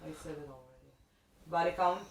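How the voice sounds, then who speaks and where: A man's voice: fairly high pitch, normal speed. A man co-hosting a podcast, chatting casually in a scattered, playful way. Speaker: podcast co-host. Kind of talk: casual chat. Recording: echoey room, faint background noise.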